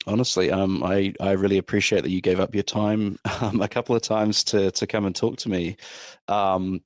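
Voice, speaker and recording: A man's voice: low voice, fairly even intonation, normal speed, no echo. Hesitant young man hosting, dry sound. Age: young adult. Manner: friendly, filler-heavy, hesitant. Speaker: podcast host. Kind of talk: casual interview chat.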